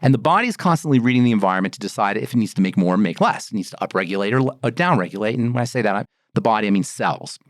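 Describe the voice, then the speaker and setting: A middle-aged man, a pharmacist and skin care formulator, explaining in a lively podcast talk, asking rhetorical questions and acting out exclamations. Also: on the low side, very fast, few pauses, no room sound. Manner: animated, rhetorical, acts out exclamations.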